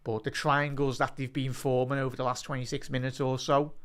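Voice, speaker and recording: A young man hosting a live football watch-along, chatting to his viewers and breaking into excited commentary. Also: mid-range voice, brisk, smooth. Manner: excitable, bursts into loud rising commentary during attacks; chatty, addresses the live chat by name.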